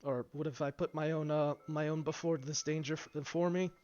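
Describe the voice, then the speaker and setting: A man's voice: a little high, fairly even intonation, a little fast, darkish tone, natural voice. A man voicing a noble, self-sacrificing knight leader in a lion-pelt robe, speaking in solemn, formal tones. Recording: dull lo-fi stream, faint music.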